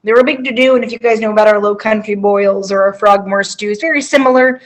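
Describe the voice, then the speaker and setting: A woman's voice: medium pitch, fast, rough recording. A woman co-hosting a casual food news podcast, playful and jokey. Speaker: podcast co-host.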